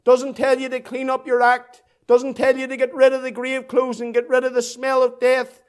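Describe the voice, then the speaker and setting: Fervent high-pitched Northern Irish preacher. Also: male voice, monotone, normal speed, clean tone. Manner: fervent, rhythmic repetition building in intensity. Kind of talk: evangelistic sermon.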